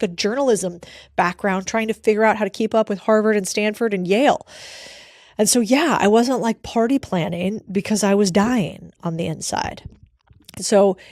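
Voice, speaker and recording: An American woman in her thirties telling her career story in a candid, animated way, acting out the other voices in the conversations she recalls. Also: mid-range voice, no room sound, clean studio sound. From United States. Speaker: speaker sharing career story. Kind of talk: motivational storytelling.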